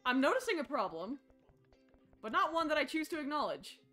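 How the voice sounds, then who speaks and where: Over soft background music, a young woman with a high voice talks briskly as she plays a horror game live. Her commentary is excitable and full of joking self-talk, breaking into shrieks and laughter at every scare.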